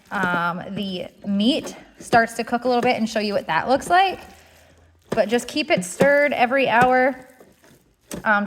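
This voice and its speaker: A woman explaining a kitchen task step by step in a relaxed, casual tutorial, with the odd filler. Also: medium pitch, a little hiss or hum. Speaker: homestead cooking instructor. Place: home kitchen.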